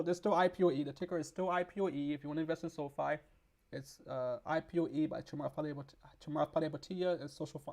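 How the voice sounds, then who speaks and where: A man hosting a stock market video, hoarse from losing his voice, rambling with restarts as he reads news aloud and explains it. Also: a little high, a little mellow. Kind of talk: casual explainer with screen reading.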